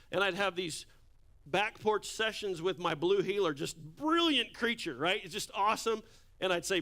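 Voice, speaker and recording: A man's voice: high voice, normal speed, pushed and bright. Joking, casual man preaching. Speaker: pastor. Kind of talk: sermon. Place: church sanctuary. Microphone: handheld or stage microphone.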